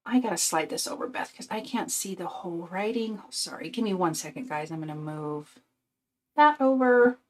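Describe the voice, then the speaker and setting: A woman's voice: fairly low pitch, expressive, normal speed. An older woman hosting a casual live craft stream, chatty and sweet, sounding tired and a bit out of breath. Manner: chatty, reads out viewer comments, sweet and upbeat. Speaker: craft channel host.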